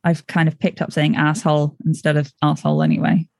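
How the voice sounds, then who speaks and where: A woman's voice: low-pitched, big pitch swings, fast talker, gravelly, a little mellow, dry recording, clean studio sound. An English woman co-hosting a podcast, chatting casually, wandering into tangents and laughing often. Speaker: podcast co-host. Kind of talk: casual chat.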